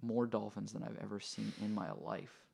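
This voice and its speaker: Podcast host guy, real gravelly fry in his voice, kinda husky, earnest storytelling. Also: lowish voice, level tone, moderate pace, a little mellow. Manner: earnest, reflective. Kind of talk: conversational storytelling.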